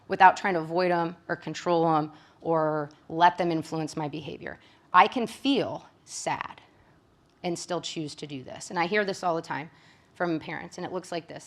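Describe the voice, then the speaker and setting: A psychologist from Michigan presents to a room of caregivers in a conversational style, often finishing points with a quick tag question to her audience. Her voice sits a little low.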